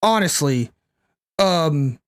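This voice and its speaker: A young man with a fairly high voice streams a card game and talks casually the whole time. He thinks his plays through out loud and keeps answering his chat. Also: expressive, drawn-out words. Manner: chatty, thinks aloud, reads and answers chat. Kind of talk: casual live-stream commentary.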